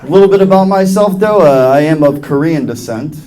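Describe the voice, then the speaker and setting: A young man from New York performs stand-up in a comedy club, his voice sitting high and swinging widely as he jumps between characters. He speaks with loud crowd laughter rolling in behind him. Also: fairly quick. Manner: animated, acts out voices of others. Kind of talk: stand-up routine. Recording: live club with audience laughter. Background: audience laughing.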